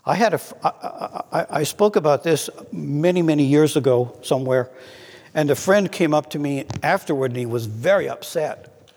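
A man preaching a sermon in an earnest way, slowing down to read scripture aloud. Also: fairly high pitch, lively intonation, a little mellow, big-room sound.

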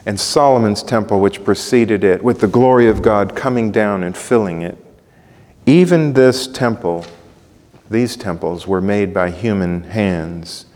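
A man's voice: on the low side, a little slow, darkish tone, in a large hall. A man preaching a sermon, emphatic and building in intensity through repetition. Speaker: pastor.

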